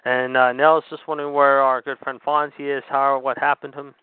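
Male call-in host, smooth and clear, phone-line audio, peppers every line with fillers. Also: medium pitch, flat delivery, a little fast, dry recording. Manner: leans on filler words like however and of course. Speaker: radio show host. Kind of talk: call-in wrestling radio show. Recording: tinny phone-line sound.

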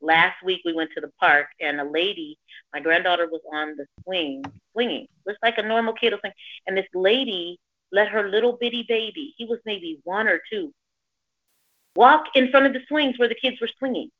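A woman's voice: medium pitch, normal speed, no room sound. A middle-aged woman and grandmother telling a personal story in a casual chat, acting out the voices of people she quotes. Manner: animated, acts out quoted voices. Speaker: caller sharing a story. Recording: dull lo-fi sound.

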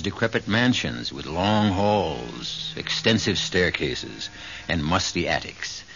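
A man hosting a radio mystery show, giving a wry, theatrical scripted introduction. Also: low voice. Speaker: radio drama host. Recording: muffled old radio broadcast with music.

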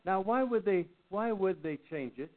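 An older man teaching a Bible study lesson, speaking haltingly and often clearing his throat. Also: sits high, animated. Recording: tinny phone-like sound.

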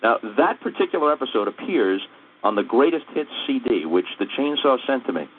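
A man's voice: mid-range voice, very animated, a little fast, a little hiss or hum. A man calling in by phone, speaking in a grand, mock-solemn way. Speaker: caller. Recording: tinny phone line on radio.

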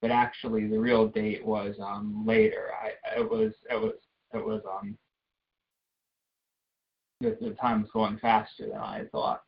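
A man giving a halting, hesitant testimony before a congregation, with many restarts. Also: fairly low pitch, very animated, vocal fry. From United States. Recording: dull lo-fi recording.

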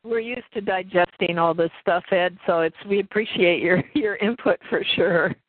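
A man's voice: sits high, moderate pace, no echo, phone-quality sound. A man hosting a radio talk show, agreeing with his guest in short interjections. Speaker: host.

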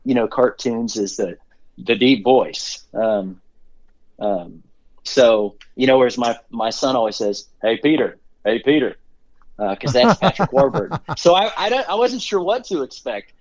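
A man's voice: mid-range voice, animated, measured pace. Upbeat rambling man, dull lo-fi sound. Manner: rambling, upbeat, many fillers and restarts. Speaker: guest, company CEO. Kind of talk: casual interview storytelling.

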